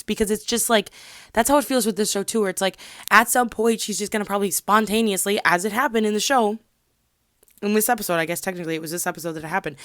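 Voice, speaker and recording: A young woman at home ranting casually to her camera, chatty and animated, often dropping to a whisper for side comments. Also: mid-range voice, no room sound. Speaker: vlogger.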